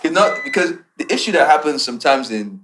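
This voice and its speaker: A man's voice: fairly high pitch, a little fast. A man, a guest musician telling a story in casual chat and slipping into pidgin slang. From Nigeria. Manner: animated, laughing storyteller mixing in pidgin slang.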